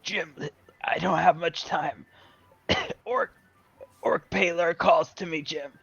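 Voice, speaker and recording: A man's voice: fairly high pitch, fairly even intonation, gravelly, a bit bright, husky, no echo, muffled recording, exaggerated voice. A man voicing a weak, pleading ghost of a dying male adventurer, stammering and coughing. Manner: halting, coughing, stammering whispery pleas.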